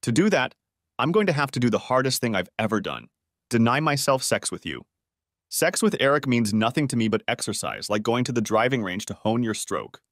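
A man's voice: medium pitch, very animated, fairly quick, fairly bright tone, no echo, studio quality. A man reading the part of a tearful, apologetic wife who pleads with her husband, his voice raised for her. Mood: pleading.

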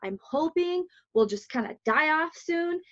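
A woman's voice: high voice, lively intonation, a little slow, a bit bright. A young woman from the United States, a podcast host telling stories in casual chat, blunt and full of swearing. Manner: blunt, profane storytelling. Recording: dull lo-fi sound.

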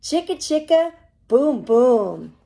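A woman, a children's librarian, reading a picture book aloud to preschoolers with animated, singsong storytelling. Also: high-pitched, takes it slowly, creaky. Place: library program recorded for online viewing.

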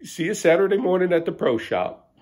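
Middle-aged man, boastful bro comic monologue, husky voice with lively swings. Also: sits high, a little fast. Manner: boastful bro-ish, tags lines with "right?". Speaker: comedic storyteller. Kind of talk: mock-bragging comic monologue.

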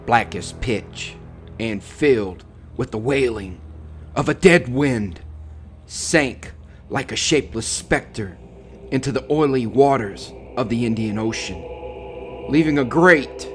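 A man reads a horror story at a slow, deliberate pace, building suspense line by line. His voice sits in a middle register. Faint music plays beneath the narration. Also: medium pitch, animated. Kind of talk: dramatic reading of a horror story.

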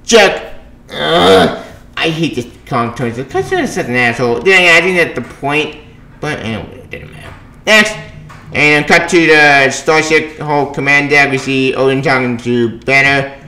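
A man's voice: a little high, expressive, moderate pace, bright, forceful tone. A man reviewing a comic book in a casual, rambling, sarcastic way, with many restarts and asides. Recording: roomy echo.

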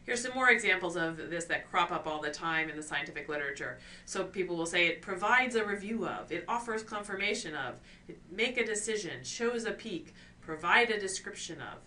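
A woman teaching an online course on scientific writing, explaining clearly and posing rhetorical questions to her students. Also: fairly low pitch, lively intonation, a little fast, hardly any pauses, bright, forceful tone. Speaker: course instructor. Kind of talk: recorded lecture on scientific writing. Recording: distant mic with faint ambient noise.

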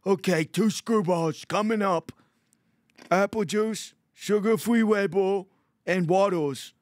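A man mimicking a big, flustered male diner waiter in a strained high shout. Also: slow, no room sound. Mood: flat.

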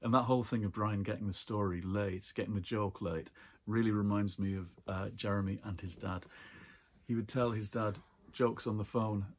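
A man casually chatting about books from his shelves, rambling warmly with fillers and small laughs. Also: on the low side, steady tone, moderate pace. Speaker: book vlogger. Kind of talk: casual book chat and reading aloud.

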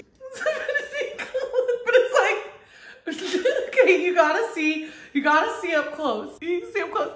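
A woman's voice: very high-pitched, expressive, moderate pace, roomy sound. A young woman with a Texan accent, chatting through a casual unboxing vlog, giggling often and swearing casually. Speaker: vlogger.

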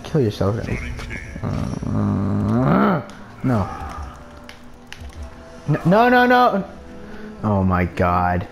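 A man's voice: on the low side, very animated, extremely slow, vocal fry, long pauses, over music. A man giving gameplay commentary, ranting in frustration and swearing under his breath. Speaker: gamer.

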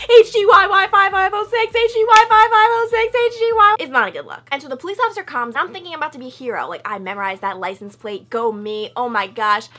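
A young woman vlogging, telling a story in a chatty, animated way and acting out quotes with loud high outbursts. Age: young adult. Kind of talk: casual storytelling vlog.

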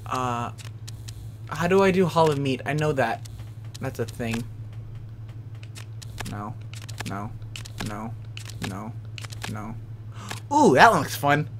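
A man rambles through casual gaming commentary in an unhurried drawl, his pitch bouncing all over as he clowns around and trash-talks. Game noise fills the recording behind him. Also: lively intonation. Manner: goofy, rowdy trash-talk, playful bragging. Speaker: let's play gamer. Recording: noisy with game sound behind.

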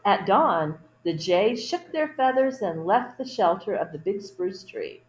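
A woman reading a children's picture book aloud at storytime, adding gentle asides to young listeners. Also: mid-range voice, big pitch swings, a little slow, echoey room, poor audio. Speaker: storytime reader.

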